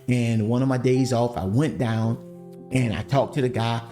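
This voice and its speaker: Man, podcast testimony, lively storyteller, faint music bed. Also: medium pitch, normal speed. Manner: animated, addresses listeners as family. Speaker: podcast host telling his story.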